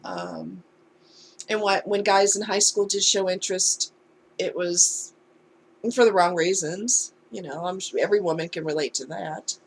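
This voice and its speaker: A woman's voice: on the low side, very animated, a little slow, a little hiss or hum. Candid woman telling a heartfelt story. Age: adult. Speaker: vlogger. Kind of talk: casual storytime chat.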